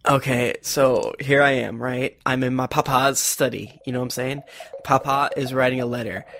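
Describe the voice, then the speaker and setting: A man playing his character in a tabletop role-playing game, animated and laughing often, close to the microphone. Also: medium pitch, normal speed. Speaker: player.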